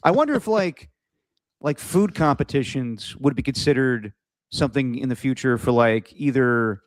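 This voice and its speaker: A man co-hosting a casual sports podcast, speaking at a middling pitch. His talk rambles, packed with fillers and restarts as he works out his thoughts aloud. The sound is dry and close. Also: normal speed, no echo. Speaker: podcast co-host.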